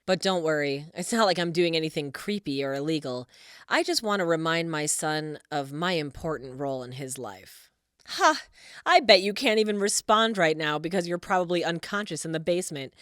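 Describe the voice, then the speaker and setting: Casting: woman as a smothering, scheming mom with a lowish voice, sing-song and possessive, dry close recording. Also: moderate pace, no room sound, natural voice. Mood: gloating. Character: overbearing scheming middle-aged mother. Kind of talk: animated story voice-over.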